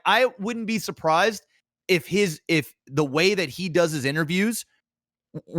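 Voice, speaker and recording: A man's voice: a little high, fairly bright tone, dry recording, clean studio sound. A man co-hosting a podcast, talking animatedly in casual, swear-filled chat with many restarts. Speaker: podcast co-host.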